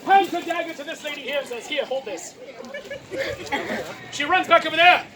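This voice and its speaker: High-voiced woman performer loudly narrating outdoors. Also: quick pace. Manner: loud, playful, often laughing mid-line. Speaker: street performer leading an audience-participation show. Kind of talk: live comic storytelling. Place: outdoor fairground. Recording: outdoor crowd noise. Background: noisy crowd.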